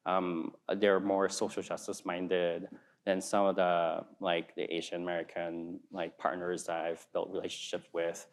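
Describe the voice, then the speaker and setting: A man in his forties, an alumni panelist, talking in a searching, halting way with many fillers. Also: low-pitched, monotone. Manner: searching, halting, heavy use of like and um. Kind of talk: casual panel talk.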